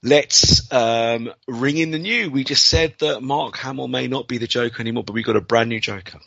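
A man's voice: medium pitch, normal speed, creaky, a bit bright, no room sound, highs cut off. A man hosting a casual podcast chat, talking in an emotional, playful way. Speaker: podcast host.

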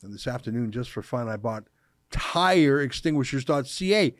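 A man's voice: fairly high pitch, animated, moderate pace, dry recording, studio quality. Sarcastic male commentary host. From Canada. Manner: sarcastic, mocking, emphatic. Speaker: show host. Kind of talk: opinion commentary monologue.

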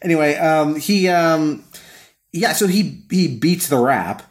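A man's voice: on the high side, animated, slow pace. A man co-hosting a podcast, talking casually and rambling with many fillers and restarts. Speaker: podcast co-host. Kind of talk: casual chat.

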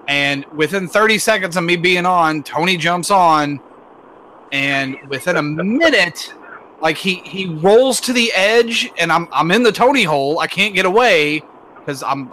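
A man's voice: a little high, bright, forceful tone, a little hiss or hum, poor audio. A man co-hosting a casual chat, telling a story in a wry tone. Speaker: podcast co-host.

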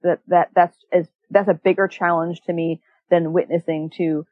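Low-voiced woman, earnest interview guest. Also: moderate pace, no echo, phone-quality sound. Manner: earnest, animated, with frequent restarts and laughs. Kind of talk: conversational interview.

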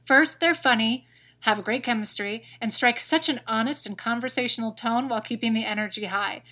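A woman co-hosting a podcast, reading listener reviews aloud in a brisk, wry, casual way. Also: on the high side, pushed and bright. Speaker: podcast co-host.

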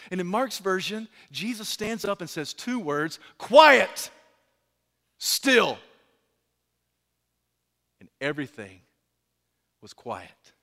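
A man preaching a sermon in a dramatic way, swinging from loud pleading to hushed lines. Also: sits high. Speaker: pastor. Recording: long hall reverb.

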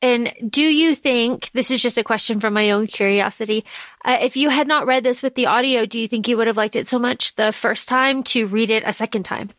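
A woman with a slightly higher voice co-hosts a podcast in casual chat. She speaks thoughtfully, with pauses and fillers as she gathers her words. The sound is close and dry. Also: a bit bright, dry recording. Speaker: podcast co-host.

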